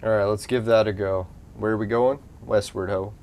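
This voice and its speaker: A man's voice: lowish voice, fairly even intonation, moderate pace, darkish tone. A man giving casual gameplay commentary as a channel host, talking to himself, cursing and getting frustrated as his team loses. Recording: game music playing clearly underneath.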